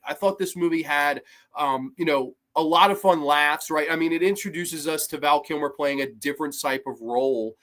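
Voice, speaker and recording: Male host, casual film review, enthusiastic, slightly high-pitched. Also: fairly bright tone. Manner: enthusiastic, acts out quoted lines in a higher voice.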